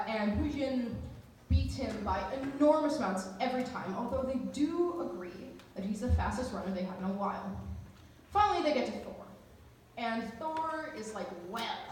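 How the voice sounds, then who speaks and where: A woman telling a story live at a cabaret in a chatty, humorous way, full of asides. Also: on the high side. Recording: echoey venue from a distance, faint room noise.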